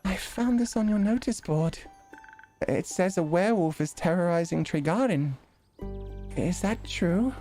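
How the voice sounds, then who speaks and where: A man's voice: high voice, lively intonation, a little slow, dark tone, faint music behind, pitched above the performer's own voice. A man voicing an eager young elf adventurer in a fantasy game who rambles and stammers nervously. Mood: curious. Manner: hesitant, stammering, talks itself in circles.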